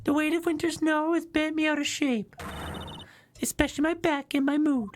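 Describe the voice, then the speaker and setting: Creaky bent-backed old man witness, very high and wavering. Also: fairly even intonation, normal speed, a little hiss or hum. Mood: grumbling.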